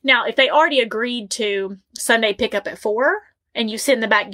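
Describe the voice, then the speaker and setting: Emphatic woman coach, a bit high. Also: brisk, few pauses. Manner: emphatic and animated, with repeated points. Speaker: relationship coach. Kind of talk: direct-to-camera advice talk.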